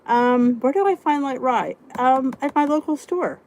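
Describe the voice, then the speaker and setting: A woman's voice: high-pitched, expressive, a little slow, a little mellow. A middle-aged woman hosting a casual weight-loss live stream, chatting and answering viewers' comments as she goes. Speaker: weight-loss vlog host reading live chat.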